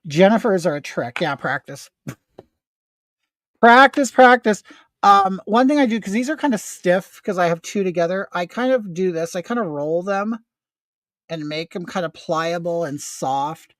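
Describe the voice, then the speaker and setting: A man's voice: high-pitched, moderate pace, no room sound. A man in his fifties hosting a casual makeup livestream from home, chatting in a rambling way and answering viewer comments. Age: 50s.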